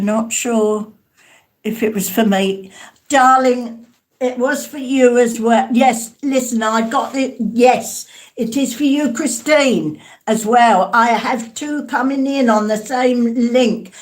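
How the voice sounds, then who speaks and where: A woman's voice: on the high side, steady tone, slow. A woman giving a live spirit mediumship reading, hesitant and calling her listeners darling and sweetheart.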